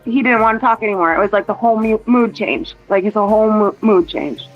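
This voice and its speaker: A woman's voice: medium pitch, quick pace, highs cut off, soft background music. A woman in casual chat, rambling through a family story and quoting what others said, heard over a phone. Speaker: mother chatting with a relative.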